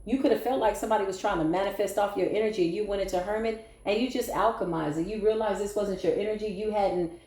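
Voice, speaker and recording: A woman's voice: mid-range voice, fairly even intonation, fast talker, few pauses, mellow, echoey room. A woman giving a tarot reading to a collective audience, blunt, sassy and playful, with some cursing. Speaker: tarot reader.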